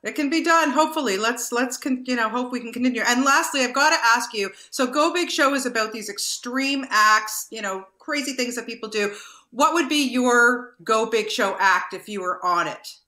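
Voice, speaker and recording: Bright-voiced enthusiastic woman interviewer. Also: a little high, moderate pace. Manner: enthusiastic, with fillers. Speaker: interview host. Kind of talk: online video interview. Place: Canada. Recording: roomy echo.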